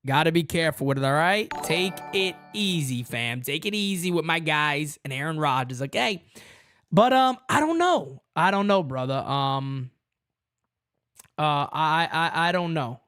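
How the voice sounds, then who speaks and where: A man hosts a live fan stream in a fairly high voice. He rants excitably, swears freely and keeps it casual with his viewers. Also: a little slow, smooth. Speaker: host. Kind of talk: live-stream sports talk.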